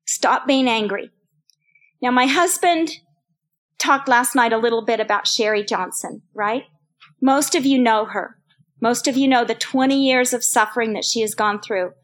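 High-voiced older woman teaching scripture. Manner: earnest, personal, repeats phrases for emphasis. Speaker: women's Bible teacher. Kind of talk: sermon.

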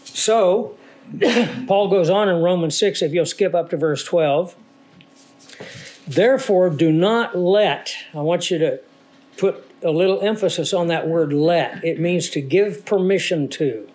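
A man preaching a sermon in a somewhat higher-than-usual voice, leading his listeners along with rhetorical questions. He sounds a little congested and stuffy. His delivery is the steady, explaining tone of a teacher. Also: measured pace. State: congested from a sinus infection. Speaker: pastor.

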